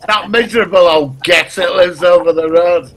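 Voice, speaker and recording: A man co-hosting a podcast, his voice a touch high as he chats with blunt, grumbly humour. He talks casually from a home setup, dry and wry in manner. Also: moderate pace, fairly bright tone. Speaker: podcast co-host. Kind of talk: casual chat.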